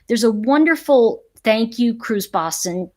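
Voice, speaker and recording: A woman's voice: on the high side, animated, a little slow, a little mellow. A middle-aged woman hosting a casual live stream, chatting with viewers in an emphatic way and laughing often. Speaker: livestream host.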